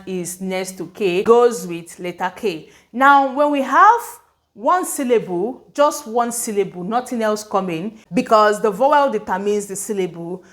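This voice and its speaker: A woman's voice: medium pitch, a bit bright. A woman teaching English spelling, explaining patiently, sounding out words and often checking that her students follow. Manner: explanatory, repeats words slowly, checks understanding. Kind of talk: spelling lesson at a board.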